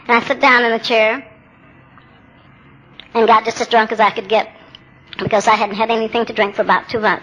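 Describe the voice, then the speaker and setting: A woman's voice: a little high, fairly bright tone, highs cut off, slight background noise. A woman in her seventies speaking at a meeting, telling her own recovery story in a candid, plainspoken way with wry humor. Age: 70s. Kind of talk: personal testimony talk.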